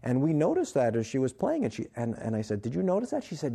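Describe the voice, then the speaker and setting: A man's voice: mid-range voice, fast talker, creaky, few pauses, husky. A man, an author and guest on an interview show, telling a story at length and acting out the quoted lines. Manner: animated storyteller, acts out quotes.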